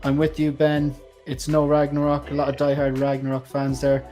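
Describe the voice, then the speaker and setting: A man's voice: a little high, monotone, normal speed, mellow, faint music behind. A man with an Irish accent hosting a casual livestream, chatting and reading out viewer comments. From Ireland. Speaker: livestream host. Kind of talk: casual chat.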